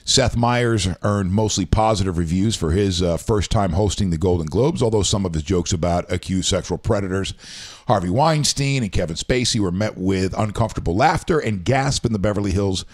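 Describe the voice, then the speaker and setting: A man's voice: deep voice, normal speed. A man co-hosting a casual talk show, rambling and reading news items aloud with his own asides. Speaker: show co-host. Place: home.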